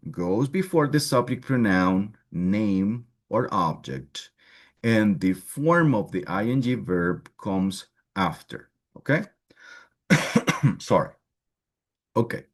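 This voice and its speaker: A man with a Spanish accent teaching an English grammar class, explaining step by step and often checking in with "right?". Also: fairly low pitch. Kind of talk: online class lecture.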